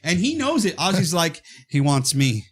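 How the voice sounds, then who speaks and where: A man co-hosting a horror podcast, casually and excitedly retelling a movie and acting out its lines. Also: fairly high pitch, moderate pace, slightly rough. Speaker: podcast co-host.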